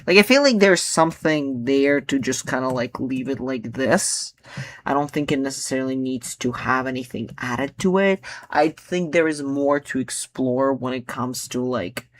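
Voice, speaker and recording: A man's voice: medium pitch, moderate pace. Man, mid-range voice, casual poet musing, lots of filler words, drops to mutters. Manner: rambling, full of filler words, drifting into mutters. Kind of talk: casual chat about his own poems.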